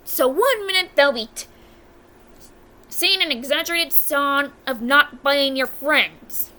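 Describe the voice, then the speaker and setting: A woman's voice: high-pitched, measured pace, pushed and bright. A young American woman doing casual ranking commentary on a video, blunt and exasperated, often stopping to correct her own words. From United States. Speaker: video reviewer.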